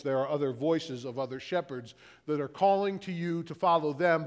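A big-room sound surrounds a middle-aged man preaching with lively intonation. His sermon piles up repeated questions slowly, and he goes low and hushed for scripture quotations.

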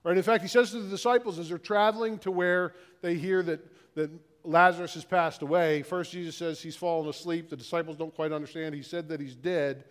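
A middle-aged male pastor preaching a sermon, repeating questions in a slow, building list and dropping low and quiet when he quotes scripture. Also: fairly even intonation, clear, resonant tone, long reverb tail.

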